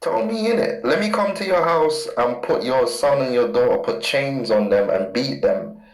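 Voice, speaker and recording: Brief: man in the middle pitch range, emphatic scripture teacher, repeats for impact, echoey room. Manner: emphatic, repeats key words, reads verses slowly. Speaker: street preacher. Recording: roomy echo.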